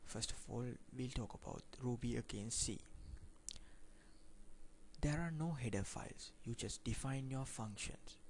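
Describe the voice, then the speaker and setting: In a screen-recorded tutorial, a programming instructor reads code aloud line by line and plainly explains what it does. His mid-range voice is gravelly and a little mellow, with a bit of hiss or hum in the background.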